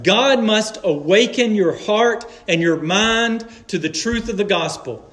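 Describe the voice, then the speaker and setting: A man with a fairly high voice delivers a sermon at a slow, deliberate pace. He speaks earnestly and in measured phrases. He leans on emphatic pauses to drive each point home. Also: lively intonation, a bit bright. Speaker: preacher.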